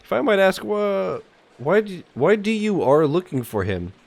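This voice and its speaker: A courteous old bookseller with a mustache and unhurried manners, put on by a man. He speaks in a slightly raised voice, polite and old-fashioned, as he reads the part aloud from a game. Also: high voice, sing-song, gravelly, pitched above the performer's own voice, heavily acted.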